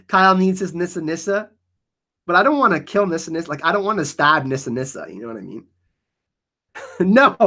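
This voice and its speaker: A man hosting a casual live Q&A stream, reading the chat; excitable, laughing often and saying "like" a lot. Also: fairly high pitch, normal speed, pauses often. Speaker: livestream host answering chat.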